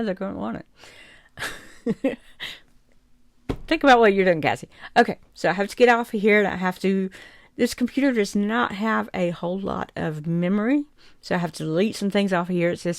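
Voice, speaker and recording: Older Southern woman with a creaky voice. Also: on the low side, dry recording, clean studio sound. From South Georgia, US. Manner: rambling, heartfelt, chuckles often. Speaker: vlogger. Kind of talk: casual chat to camera.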